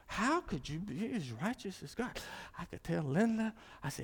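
A man preaching a sermon as pastor, emphatic and rising to loud exclamations. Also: high-pitched, big pitch swings, normal speed, husky, big-room sound. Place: church sanctuary.

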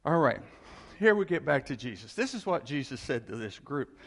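Animated, gravelly male preacher. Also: mid-range voice, moderate pace. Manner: conversational, animated, chuckles often. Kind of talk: sermon.

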